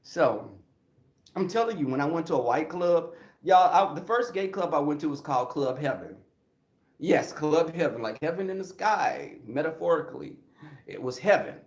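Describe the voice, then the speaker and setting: As a podcast guest, a man tells comic stories, laughing often and acting out voices. He speaks at normal speed in a voice on the high side with lively intonation, and the recording has a roomy echo.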